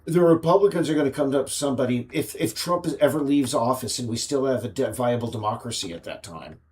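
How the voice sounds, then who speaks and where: A man's voice: medium pitch, fast talker, darkish tone. An American man, a game developer, rambling and ranting on a casual livestream, with frequent restarts.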